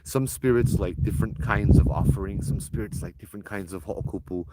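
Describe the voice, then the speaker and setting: A man, casually telling a ghost story and acting out the dialogue in an animated, chatty way. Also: lowish voice, fairly quick. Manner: animated, conversational, acts out dialogue. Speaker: storyteller, show host. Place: outdoors at an old temple site. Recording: loud background noise.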